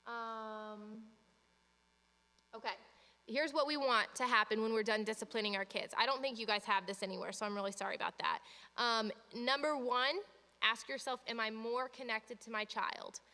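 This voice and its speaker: A woman's voice: on the high side, steady tone, moderate pace, sharp tone. A woman leading a training session for parents, talking practically and reassuringly and acting out little exchanges between parent and child. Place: church hall. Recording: long hall reverb.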